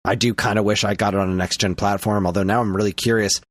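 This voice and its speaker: A man co-hosting a podcast in casual chat, ranting with animated energy. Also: fairly low pitch, fast, no echo, clean studio sound. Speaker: podcast co-host.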